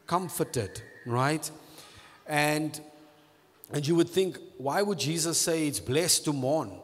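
A man preaching a sermon as pastor, repeating phrases and stretching key words slowly for emphasis. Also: on the high side, long reverb tail.

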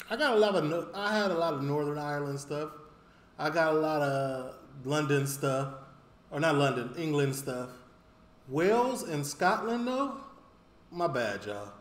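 Laid-back man reacting, roomy sound. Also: fairly high pitch. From Chicago, United States. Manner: laid-back slang, talks straight to viewers. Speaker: reaction video host. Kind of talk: casual reaction commentary.

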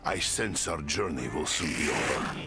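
An actor playing a grim, sardonic Russian soldier in a video game, speaking with a heavy Russian accent and a gravelly voice. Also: male voice, very deep voice, animated, moderate pace. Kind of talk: video game character dialogue. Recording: game audio under loud music. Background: loud game music.

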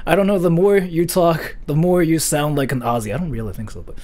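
A man's voice: fairly high pitch, a little fast, hardly any pauses, warm tone. A young man streaming live, reading viewer messages in a casual chat and talking in an exaggerated surfer-dude style, repeating dude and bro. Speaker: livestreamer.

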